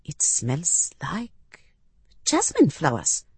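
A woman's voice: mid-range voice, sing-song, a little slow, darkish tone, slightly rough, no room sound, pitched above the performer's own voice, heavily acted. A woman voicing a blunt, gossipy stranger. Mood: curious. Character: curious, blunt woman in an airport crowd.

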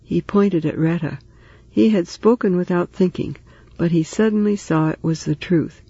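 A man reading a story aloud in steady, even narration. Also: high voice, moderate pace, gravelly, breathy edge, no room sound, lo-fi sound. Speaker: audiobook narrator. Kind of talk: scripted narration.

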